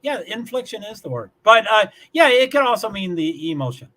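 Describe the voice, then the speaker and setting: A man from Kentucky hosts a casual livestream from a small apartment. His voice sits high and sounds bright and forward. He rambles, stutters over his restarts and chuckles as he reads out chat. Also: expressive, moderate pace. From Louisville, Kentucky. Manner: rambling, repeats words and restarts, chuckles often. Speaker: livestream host reading chat. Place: small one-bedroom apartment.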